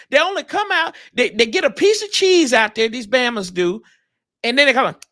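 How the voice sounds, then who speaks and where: A man trading casual, teasing trash talk about football on a live stream, with bursts of loud outrage. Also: very high voice, expressive, normal speed. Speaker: rival fan guest. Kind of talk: casual sports debate.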